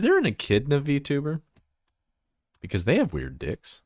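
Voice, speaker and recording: A man's voice: medium pitch, huge pitch swings, unhurried, a little mellow, no room sound. A man from Texas with a Texan accent, chatting casually on a livestream, rambling, giggling and trailing off into asides.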